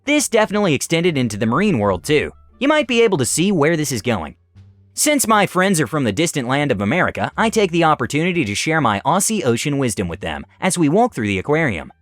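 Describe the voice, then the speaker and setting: Guy reading reddit stories, really lively pitch, slightly high voice, dry sound. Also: fast, no echo, faint music behind. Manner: animated storytelling. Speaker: narrator. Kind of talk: scripted narration of online stories.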